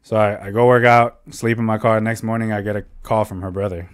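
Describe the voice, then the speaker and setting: A young adult man, a podcast co-host, telling a personal story in casual chat, heated and profane, loudly acting out his own lines as he goes. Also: lowish voice, steady tone, brisk, clean tone.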